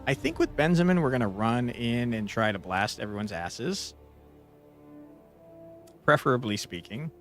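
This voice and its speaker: A man's voice: mid-range voice, lively intonation, moderate pace, pauses often, a bit bright. A young man streaming a tactics game, chatting casually and swearing playfully, with bursts of mock outrage. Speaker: gaming streamer. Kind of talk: casual gameplay commentary. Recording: faint background game music.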